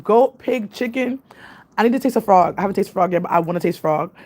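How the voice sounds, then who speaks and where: A young woman vlogger from a Jamaican family, with a New York accent, rambles casually on a livestream and laughs often. Her mid-range voice has a darkish tone, lively intonation, and a fairly quick pace.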